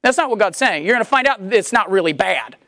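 A woman preaching a sermon in a conversational, animated way, acting out the voices she quotes. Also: medium pitch, fast, dry recording, studio quality.

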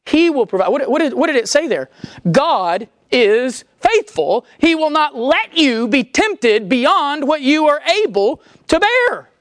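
Lively, high-voiced woman preaching. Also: measured pace, dry recording, studio quality. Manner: animated, conversational preaching that acts out quoted voices. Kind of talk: sermon.

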